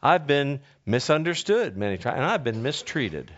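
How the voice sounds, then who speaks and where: A man preaches a conversational sermon in a sing-song, medium-pitched voice at a moderate pace. He tells a story, poses rhetorical questions to the listeners, and often restarts his sentences, all on a dull lo-fi recording.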